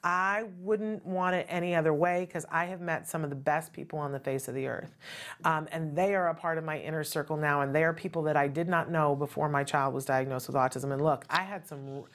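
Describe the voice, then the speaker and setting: A woman's voice: sits low, steady tone, brisk. A middle-aged woman hosting a talk show, speaking earnestly and conversationally and often checking in with "right?". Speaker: host. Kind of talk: casual talk show monologue.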